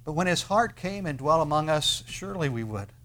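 A man preaching a sermon in an earnest way, with dramatic pauses and swells of emphasis on key words. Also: on the high side, lively intonation, fairly bright tone. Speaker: pastor.

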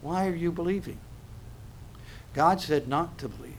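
A man preaching a sermon on scripture, animated, acting out little dialogues and often laughing. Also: fairly high pitch, moderate pace, slight background noise.

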